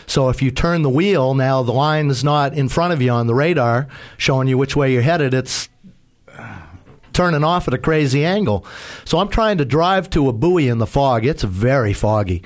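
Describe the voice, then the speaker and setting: A man's voice: mid-range voice, lively intonation, moderate pace. A man casually telling a rambling, self-mocking story about sailing in fog. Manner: rambling, self-mocking, acts out quoted shouts. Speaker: sailor telling a sea story.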